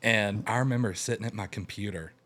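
A man's voice: lowish voice, a little fast. A young man in casual conversation, telling a long personal story and acting out what people said. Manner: animated, acts out quotes in raised voice. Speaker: guest telling his story.

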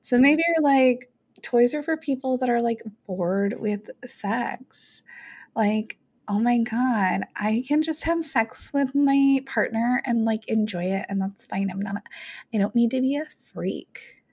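A woman co-hosting a podcast in casual chat, animated and joking, with frequent swearing. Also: a little high, unhurried, breathy edge. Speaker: podcast co-host.

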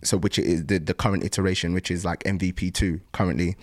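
A young adult man, a startup founder, talking casually in an interview, pausing often with ums and restarting sentences. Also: low voice, steady tone, no echo, studio quality. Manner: thoughtful, frequent um pauses and restarts.

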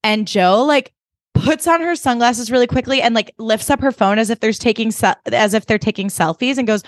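A woman's voice: fairly high pitch, normal speed, no room sound, studio quality. A woman co-hosting a podcast in casual chat, talking loosely with many fillers and casual swearing. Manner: chatty, swears freely, lots of "like" fillers. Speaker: podcast co-host. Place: Los Angeles area.

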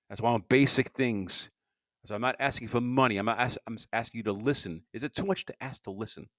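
A man talks alone on his podcast in a lowish voice, drifting from point to point and cutting himself off mid-sentence. His voice sits close and dry, with no room sound around it. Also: fairly bright tone, dry recording. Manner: rambling, restarts sentences, grumbling asides. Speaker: podcast host. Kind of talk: rambling solo podcast monologue.

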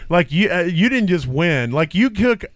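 A man co-hosts a casual podcast, wandering through his thoughts with many fillers and jokes. His voice sits on the higher side. The sound is dry and close. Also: very animated, moderate pace, no echo. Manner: rambling, joking, many fillers. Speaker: co-host.

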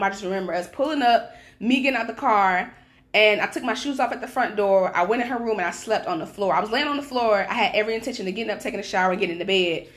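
A young woman telling a wild night-out story in casual podcast chat, animated and profane, acting out the people she quotes. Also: medium pitch. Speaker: podcast co-host.

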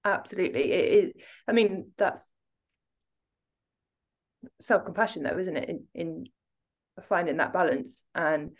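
Woman coach on a podcast, a bit low voiced, candid and quick to laugh. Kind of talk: casual podcast chat.

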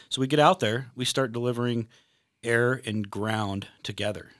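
A man's voice: medium pitch, steady tone, moderate pace, no room sound, studio quality. A middle-aged man, a retired delivery driver, telling work stories in casual chat, rambling with many fillers and restarts.

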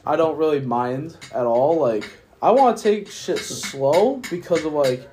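A man's voice: a little high, animated, unhurried, a little mellow, a little hiss or hum. A drunk young man rambling through a profane story on a casual podcast. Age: young adult. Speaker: podcast host. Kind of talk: casual chat.

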